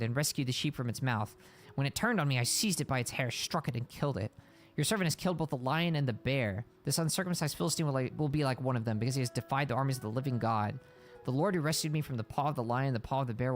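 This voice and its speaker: A man reading a Bible passage aloud on a stream and stopping to explain it in casual words. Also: a little high.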